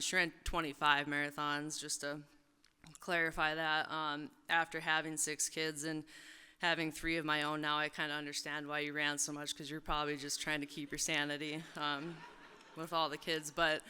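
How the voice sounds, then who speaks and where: A woman's voice: low voice, monotone, normal speed, pushed and bright, clear, resonant tone. A woman in her thirties giving a joking, casual acceptance speech at a podium microphone, with many fillers. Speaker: hall of fame inductee. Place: large event hall on stage. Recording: echoey large hall.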